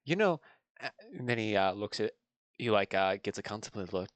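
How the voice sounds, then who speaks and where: Man, low voice, dry close sound, rambling tabletop player. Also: animated, a little fast, dry recording. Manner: rambling, with many fillers. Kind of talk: casual in-character chat over voice call.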